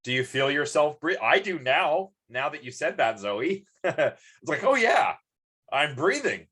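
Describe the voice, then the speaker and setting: A man's voice: on the high side, lively intonation, unhurried, sharp tone, husky. A man giving a live-streamed lecture, chatty and rambling, with many ums and restarts.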